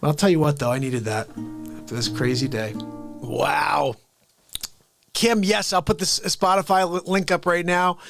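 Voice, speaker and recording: Gravelly, excitable livestream host man. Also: fairly high pitch, over music. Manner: rapid, excitable, reacting to chat. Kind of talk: casual livestream chat.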